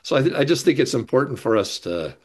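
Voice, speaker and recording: A man who used to plant churches, speaking as a guest on a discussion panel in a thoughtful, unhurried way with gentle laughs. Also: medium pitch, big pitch swings, slightly rough. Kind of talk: casual discussion.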